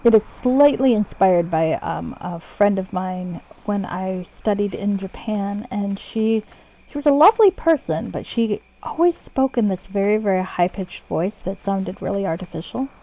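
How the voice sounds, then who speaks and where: A woman's voice: medium pitch, lively intonation, a little slow, mellow, low-quality recording. A woman streaming a game from home, casual and self-deprecating, swearing when the game annoys her. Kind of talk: casual live-stream commentary.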